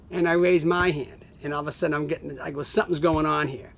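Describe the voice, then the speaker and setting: Middle-aged man, slightly high voice, casual animated storyteller who voices the people in his tale; home video recording. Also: fast, vocal fry, hardly any pauses. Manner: animated, acts out quoted voices, laughs often. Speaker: family friend telling stories. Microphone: home video camera.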